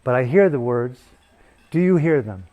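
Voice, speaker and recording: A man's voice: medium pitch, lively intonation, moderate pace, narrow, tinny audio. A man giving a profane, provocative dharma talk as a meditation teacher at a retreat. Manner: provocative, swearing, intense. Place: retreat hall in Bali.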